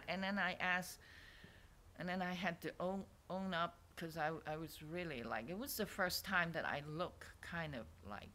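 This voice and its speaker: Rambling woman with a low, bright voice. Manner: digressive, self-interrupting, often dropping to a near-whisper. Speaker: artist vlogger. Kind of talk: rambling casual monologue. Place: swap meet stall.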